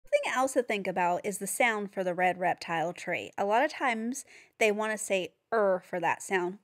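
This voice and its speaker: A woman's voice: medium pitch, fairly bright tone. Woman, phonics teacher, patient, sounds out letters, explaining to parents. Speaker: reading teacher.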